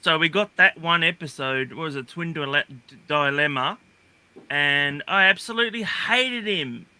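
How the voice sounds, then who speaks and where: A man's voice: fairly high pitch, moderate pace, pushed and bright, clear, resonant tone. A man on a livestream, chatting casually and rambling with many fillers and restarts. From Australia. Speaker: guest. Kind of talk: casual chat. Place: livestream call.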